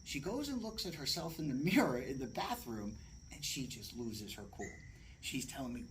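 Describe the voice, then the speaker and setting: A man's voice: medium pitch, normal speed, slight background noise, poor audio. A man casually telling an anecdote as a podcast guest, acting out other people's voices. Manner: animated, acts out the voices of others.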